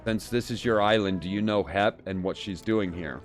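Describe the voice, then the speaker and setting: A man reading a calm heroic commander's dialogue choices in a plain, level way. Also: lowish voice, normal speed, soft background music, close to an everyday voice.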